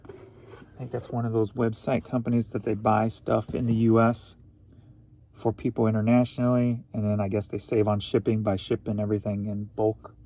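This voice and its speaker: Warm in tone yet flat in delivery, this fairly low-pitched man talks at a normal speed. He resells on eBay out of the St. Louis area and chats goofily through what he's sold lately, wandering off into jokes.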